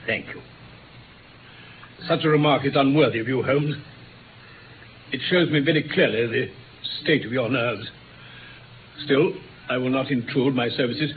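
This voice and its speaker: A man playing Dr. Watson, brisk and proper. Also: mid-range voice, close to an everyday voice. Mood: stiff, offended. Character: earnest middle-aged doctor, loyal and brisk. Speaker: doctor and narrator. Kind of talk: old radio drama acting. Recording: tinny old radio broadcast with hiss.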